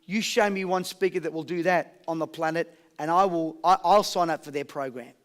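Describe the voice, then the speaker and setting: A man with an Australian accent giving a high-energy motivational seminar, rallying a live audience with questions and call-and-response. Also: brisk. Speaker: motivational speaker.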